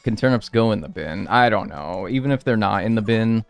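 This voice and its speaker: Guy streaming a game, lowish voice, rambly and wry, soft music underneath. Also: expressive, a little fast, smooth. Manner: rambling, wry, thanks viewers by name. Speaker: gaming livestreamer. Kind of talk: casual live-stream chat while playing.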